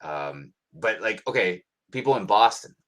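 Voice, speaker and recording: Co-hosting a livestream, a man from the United States talks at a measured pace in a lowish voice. His casual chat rambles along, relaxed and heavy on ums.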